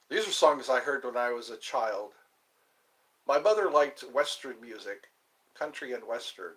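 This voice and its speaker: A man chatting alone on a livestream, rambling slowly from thought to thought with the odd laugh. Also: medium pitch, lively intonation, fairly bright tone. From US East Coast. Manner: slow, meandering, talks to himself, laughs. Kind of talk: rambling solo livestream chat.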